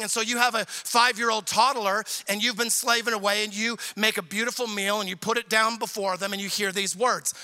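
A man preaching a sermon as pastor to a congregation in church, animated and humorous, acting out everyday quotes as he goes. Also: high voice, fairly quick, hardly any pauses. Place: church service in front of a congregation.

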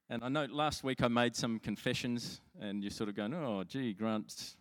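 A man's voice: medium pitch, fairly even intonation, measured pace. A man preaching a sermon as pastor, telling stories in a chatty, self-mocking way with frequent restarts. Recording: long hall reverb.

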